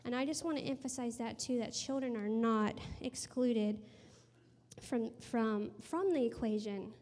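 High-voiced woman preaching in a reverberant hall. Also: unhurried. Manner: earnest, storytelling, drops to a hushed voice for emphasis. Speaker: speaker sharing a testimony. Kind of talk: sermon testimony and prayer. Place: room with a gathered audience.

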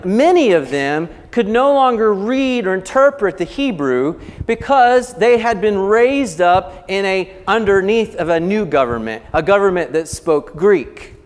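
A man preaching a teaching sermon. He explains step by step, checks in with his listeners by asking "okay?", and acts out quick little voices. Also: high-pitched. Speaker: pastor. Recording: long hall reverb.

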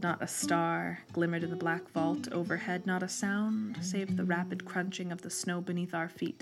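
A woman narrating a storybook reading with an expressive, dramatic delivery. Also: fairly low pitch. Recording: reading over clear guitar music.

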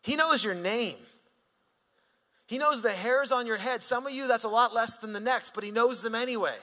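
A male pastor preaching a sermon in an animated, conversational way, swinging from sudden rises to quiet drops. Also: very high-pitched, normal speed, big-room sound.

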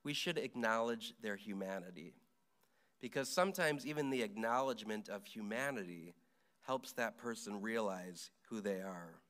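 A man's voice: fairly low pitch, normal speed, a bit bright. A middle-aged man, a Catholic priest, giving a conversational homily with stories, fillers and restarts.

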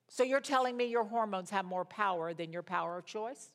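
Woman, middle-aged, Bible study teacher; expressive storyteller with a flair for drama, medium pitch. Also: moderate pace, few pauses.

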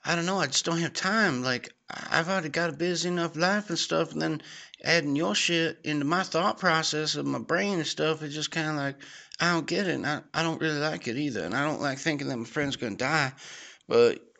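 Halting young man, higher bright voice. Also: creaky. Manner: halting, casual, filler-heavy. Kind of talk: casual comedy banter.

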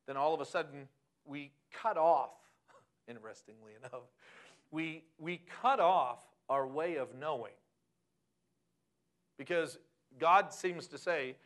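A middle-aged man preaches a sermon with animated energy, firing questions at his listeners. His voice sits a little high and swings widely in pitch as he builds and drops. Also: measured pace. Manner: animated, asks the audience questions. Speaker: pastor.

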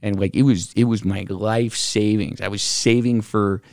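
A middle-aged man casually telling a story from his office, animated, acting out the voices of the people in it, with lots of fillers. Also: fairly low pitch, moderate pace, dry recording, clean studio sound. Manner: animated, acts out quoted voices, many fillers.

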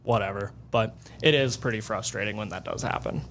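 A man being interviewed as a guest angler. He tells fishing stories in an excitable, animated way. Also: fairly low pitch, brisk, a little hiss or hum. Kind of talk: casual storytelling interview.

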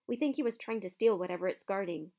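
A woman's voice: mid-range voice, fast talker, mellow, close to an everyday voice. A woman voicing an eager, earnest young schoolboy wizard in an audiobook reading.

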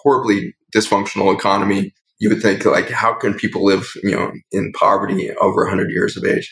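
This is a man with a very low, gravelly voice, talking as a doctor guest on a podcast. His pitch stays flat and steady while he tells stories in an earnest, flowing way. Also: rough recording. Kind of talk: podcast interview storytelling.

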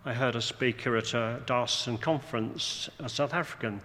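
A man preaching a sermon, measured and deliberate, slowing down for emphasis, with dry, wry asides. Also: medium pitch, sharp tone. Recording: long hall reverb, faint room noise.

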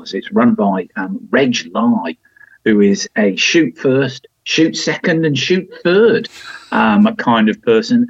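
A man talks through an old TV episode in relaxed review chat, his pitch bouncing around lively. His voice is a touch husky, and the recording is dry and a little dull. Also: no echo. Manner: chatty, frequent ums and restarts, wry asides. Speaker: podcast host and TV reviewer.

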